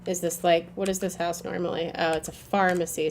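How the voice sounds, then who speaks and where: A young woman streaming a game, chatting casually to her viewers and swearing, with loud flare-ups whenever the game frustrates her. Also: lowish voice, level tone, fairly quick, hardly any pauses. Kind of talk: live gameplay commentary.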